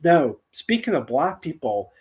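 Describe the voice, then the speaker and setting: A man's voice: fairly high pitch, sing-song, a little slow, a little mellow, husky. Rambling male streaming host. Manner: rambling, with frequent restarts and laughter. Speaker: host of a live-streamed talk show. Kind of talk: casual chat. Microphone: streaming setup microphone.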